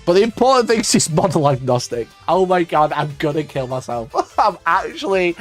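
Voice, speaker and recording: Reacting to a video during a casual livestream, this wargaming YouTuber rants with exasperation and sarcasm, cursing frequently and laughing at himself. His fairly high, fairly bright voice has lively intonation and a moderate pace with few pauses, over soft background music.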